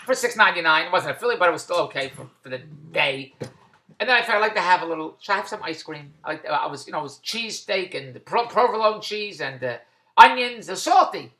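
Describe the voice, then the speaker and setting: A man vlogging about his day at a shopping mall, rambling and repetitive, breaking into loud plugs for his business. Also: sits high, reverberant, slight background noise. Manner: repetitive, tangential, with loud self-promoting plugs. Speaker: vlogger and online business owner. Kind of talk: rambling casual vlog.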